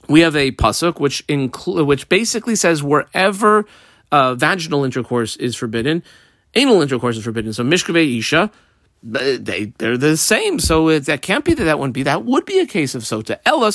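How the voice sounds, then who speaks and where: A man teaching a Talmud class page by page, reading Aramaic terms and explaining them quickly in English. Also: a little high, a bit bright, dry recording, clean studio sound.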